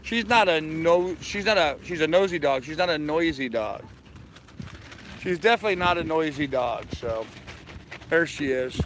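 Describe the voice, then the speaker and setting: An older man with a bright, forceful voice rambles in a folksy, easygoing way, live-streaming from his sailboat deck. His voice sits a little high for a man. Faint outdoor noise drifts behind him. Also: moderate pace. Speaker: sailing vlogger. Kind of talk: casual live-stream chat.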